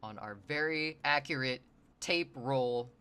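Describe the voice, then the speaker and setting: A man's voice: mid-range voice, slow pace, sharp tone, clear, resonant tone. A man streaming his drawing session, rambling and joking with his chat. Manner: rambling, jokey, talks to chat. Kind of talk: casual livestream chat while sketching.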